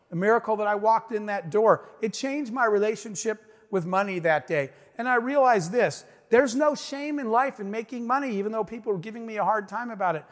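A man's voice: high voice, big-room sound. A man giving a motivational speech, telling a story with emphasis and acting out the dialogue. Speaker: business owner giving a speech.

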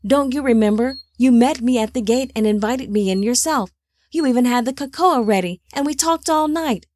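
Woman as young storybook hero, earnest, pleading, raised pitch, dry close sound. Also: normal speed, a little mellow, dry recording, close to an everyday voice. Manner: eager and pleading. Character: earnest, eager young man.

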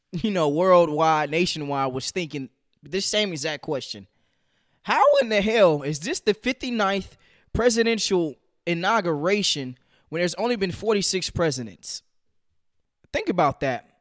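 A man's voice: fairly high pitch, fairly bright tone, no echo, studio quality. A young man from the United States hosting a casual solo podcast from his home kitchen, chatty and full of "man" and "you know". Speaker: podcast host.

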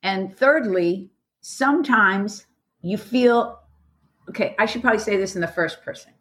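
A woman's voice: mid-range voice, unhurried, a bit bright. Enthusiastic woman hosting a karate chat. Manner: enthusiastic, laughs often. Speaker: karate instructor and podcast host. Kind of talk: casual group discussion.

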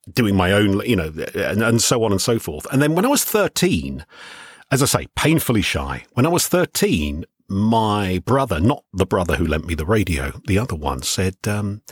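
A middle-aged man, a veteran radio DJ and self-described shy guest, telling animated stories in a radio interview. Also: low voice, breathy edge, no echo, clean studio sound.

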